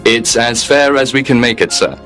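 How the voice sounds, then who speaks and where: A man's voice: mid-range voice, moderate pace, sharp tone, faint music behind, lightly acted. A man playing a polite, unbending receptionist at heaven's gate, speaking formally and with detachment. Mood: calm.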